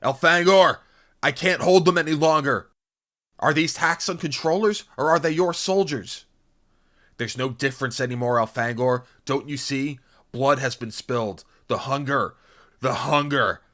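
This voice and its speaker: A man shouting as a desperate alien warrior. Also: medium pitch, a little slow, voice pushed up. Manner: shouting, pleading. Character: alien male warrior losing control, desperate.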